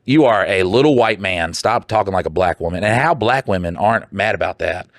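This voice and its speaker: A young man co-hosting a podcast, talking bluntly and crudely in a somewhat low voice. The sound is dry and close, with no room around it. He swears freely and reads listener letters in the same offhand way. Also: lively intonation, brisk, no room sound. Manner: blunt, profane, mocking put-on voices. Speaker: podcast co-host. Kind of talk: crude casual chat, reading listener letters.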